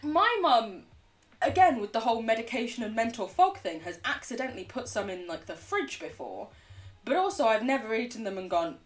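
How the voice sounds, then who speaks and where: A chatty English woman livestreaming a game, her fairly high voice swinging up and down as she laughs and swears her way through the session. She sits a little back from the microphone, so she sounds slightly distant. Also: fairly quick, faint music behind. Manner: animated, laughs often, swears casually. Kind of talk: casual chat while gaming.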